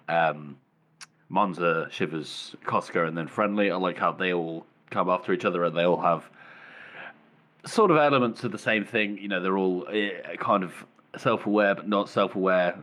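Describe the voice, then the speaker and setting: A man co-hosting a casual book podcast, easygoing and quick to laugh. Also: deep voice, a bit bright. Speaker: podcast co-host. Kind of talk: casual book-discussion chat.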